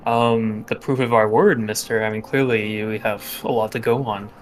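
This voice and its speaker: A man playing a tabletop game, speaking relaxed and plainly in character. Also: on the low side, moderate pace, soft background music. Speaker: player. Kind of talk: casual in-character talk at a game.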